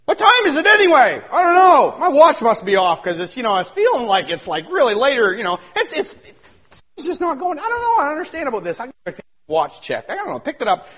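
A male pastor preaching a sermon, swinging between shouted excitement and hushed asides. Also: very high-pitched, quick pace.

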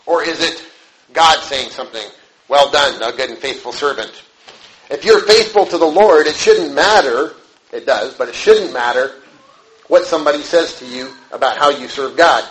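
A man pastor preaching a sermon, telling a story in a conversational, halting way with rhetorical questions. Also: a little high, animated, a bit bright. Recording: echoey room, faint noise.

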